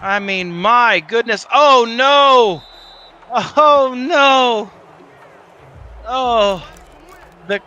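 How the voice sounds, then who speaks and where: A man casting a college esports football match live, excitable, joking, and shouting on big plays. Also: very high voice, muffled recording, a little hiss or hum. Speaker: esports caster. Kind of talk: live play-by-play commentary on a video game stream.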